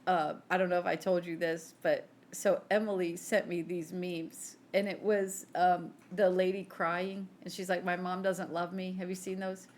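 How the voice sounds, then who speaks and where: A woman's voice: lowish voice, level tone, moderate pace, hardly any pauses, slight background noise. A woman in her forties co-hosting a podcast, teasing and chatting easily, often laughing. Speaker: podcast co-host. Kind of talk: casual chat.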